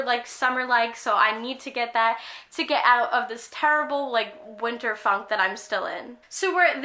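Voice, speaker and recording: A young woman talks through her latest book haul in a high, bright voice. She gushes with excitement and scatters "like" through her casual chat. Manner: gushing, enthusiastic, frequent "like" fillers. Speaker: book vlogger.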